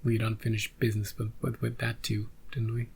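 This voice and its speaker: A man's voice: on the low side, monotone, fairly quick, creaky, husky. A man hosting a reaction channel, chatting casually with rambling asides and joking restarts.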